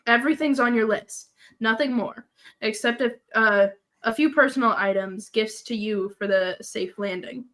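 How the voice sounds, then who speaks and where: A woman reading the part of a bossy, protective male pilot in a comic script read-through, her voice pitched a little low. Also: moderate pace, fairly bright tone, natural voice. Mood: urgent.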